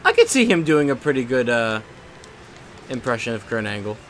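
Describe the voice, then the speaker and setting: A man's voice: mid-range voice, sing-song, normal speed, fairly bright tone, slight background noise. A young man chatting casually while he live streams a game, rambling and swearing at the game now and then. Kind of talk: casual chat while gaming.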